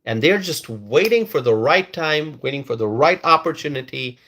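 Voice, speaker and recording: A man's voice: on the high side, animated, moderate pace, a bit bright. A man doing live-stream commentary and reading viewer comments, emphatic and repetitive, often stalling and restarting words.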